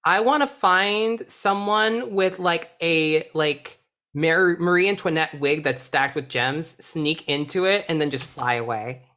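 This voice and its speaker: A woman playing in a tabletop role-playing game, playful and excitable as she describes her character's moves. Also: deep voice, measured pace. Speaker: player. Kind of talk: casual tabletop game play.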